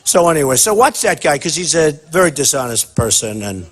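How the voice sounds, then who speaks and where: A husky-voiced man with a somewhat high pitch, holding forth at a campaign town hall. He talks off the cuff and boasts freely. He wanders from point to point and keeps circling back to the same phrases. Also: big pitch swings, brisk. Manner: boastful, rambling, repeats himself. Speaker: political candidate at a town hall.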